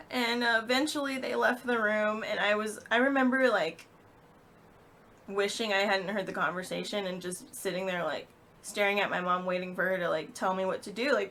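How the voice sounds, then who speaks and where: A young woman in her twenties, a vlogger, telling an emotional personal story with halting speech and many fillers. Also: medium pitch, fairly bright tone.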